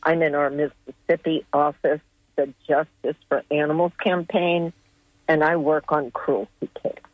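Woman activist on a radio show, measured, ums, dull dry lo-fi line. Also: low voice, steady tone, no room sound. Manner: measured, with pauses and fillers. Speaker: animal welfare activist. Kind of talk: radio interview guest.

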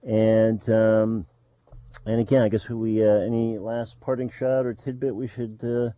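A man with a fairly low voice hosts a radio show from a studio, talking casually and haltingly with plenty of uh and um. The sound is dry, with a slightly dull tone. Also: little pitch movement, no room sound. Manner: halting, full of uh and um fillers.

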